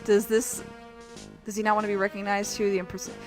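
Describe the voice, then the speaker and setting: A woman's voice: mid-range voice, flat delivery, fast, a little mellow, soft background music. Brief: young woman gamer, casual giggly chat, joking about herself. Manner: giggly, self-deprecating chatter. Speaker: streamer. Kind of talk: casual let's-play chat.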